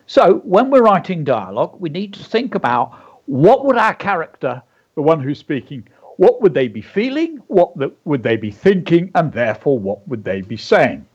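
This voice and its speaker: A man's voice: a little high, sing-song, normal speed, slightly rough, muffled recording. A man co-hosting a radio lesson on creative writing, explaining techniques and reading a story aloud. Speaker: co-host and writing teacher.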